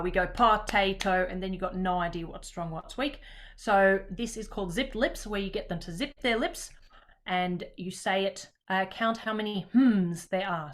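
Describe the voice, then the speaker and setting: This online webinar features a woman presenting a teaching workshop over video call. Her delivery is loose and conversational, full of frequent pauses, and her voice sits at a typical middle pitch.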